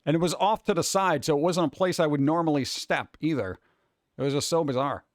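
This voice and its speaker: A man's voice: fairly high pitch, fairly quick, dry recording, clean studio sound. A man chatting casually on a livestream, rambling as he works and talking viewers through steps. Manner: rambling, talks to chat while doing tasks; hands-on, step-by-step instructions. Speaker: livestreaming artist.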